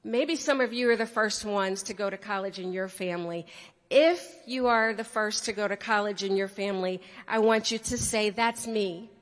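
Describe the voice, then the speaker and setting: A woman's voice: mid-range voice, normal speed, in a large hall. A woman telling a playful personal story to a student audience, often speaking to the crowd directly. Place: large hall.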